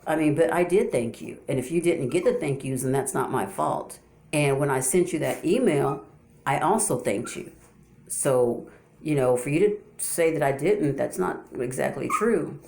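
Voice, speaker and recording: A woman's voice: low voice, expressive, normal speed, a little mellow. A woman talking straight to her viewers in a casual, unscripted monologue, often restarting her sentences and asking rhetorical questions. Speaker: YouTuber addressing viewers.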